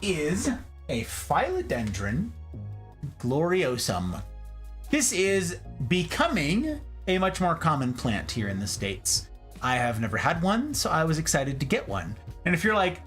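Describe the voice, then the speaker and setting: Animated man hosting a plant livestream. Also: on the high side, slow pace, soft background music. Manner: animated, chatty, reads chat aloud. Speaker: livestream host. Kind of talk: casual livestream chat. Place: indoor room full of plants.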